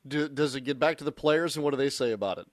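A man's voice: mid-range voice, fast talker, dry recording. A male sports radio host interviewing a guest in a conversational way.

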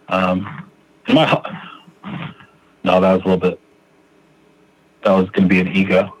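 A man's voice: deep voice, monotone, moderate pace, pauses often, no room sound, dull audio. A man sharing his recovery story on a podcast, speaking earnestly and restarting his sentences often as he thinks aloud. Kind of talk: reflective recovery podcast talk.

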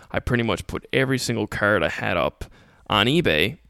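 A man's voice: fairly low pitch, animated, brisk, vocal fry, pushed and bright, dry recording, clean studio sound. A young man hosting a solo podcast, answering listener questions in a casual, motivational way. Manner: casual, motivational, acts out mocking critics in quotes. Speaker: podcast host.

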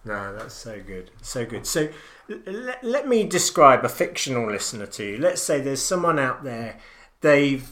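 A man's voice: mid-range voice, big pitch swings, normal speed, a bit bright. A man hosting a podcast interview, chatty and affirming, laughing easily as he asks questions. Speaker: podcast host.

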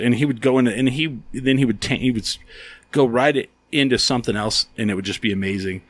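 A man's voice: mid-range voice, quick pace, no room sound. A man co-hosting a casual chat, telling a story with lots of swearing and acted-out quotes. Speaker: podcast co-host.

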